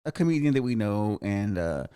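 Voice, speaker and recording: A man hosting a podcast in casual chat, rambling excitedly with many restarts and a lot of slang. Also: lowish voice, moderate pace, clear, resonant tone. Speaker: podcast host.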